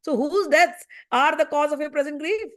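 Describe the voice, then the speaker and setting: A woman's voice: sits high, moderate pace, fairly bright tone. A woman explaining a spiritual text, pressing her listener with repeated rhetorical questions. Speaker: scripture teacher. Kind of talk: spoken commentary on a spiritual text.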